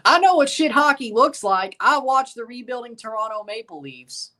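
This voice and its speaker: A man's voice: very high voice, animated, moderate pace, pushed and bright. A man hosting a live match watchalong, chatting casually, rambling and answering his chat. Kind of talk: casual live reaction commentary.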